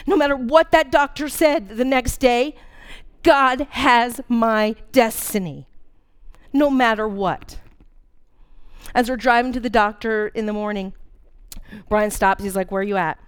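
A woman's voice: on the high side, clean tone. A woman in her forties preaching a sermon, earnest and candid, telling a personal story with dramatic emphasis. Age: 40s.

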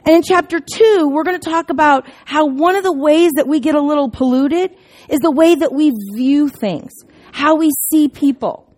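A middle-aged woman giving a casual sermon, telling stories in a chatty, self-deprecating way with sudden loud bursts. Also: high-pitched, moderate pace. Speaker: preacher.

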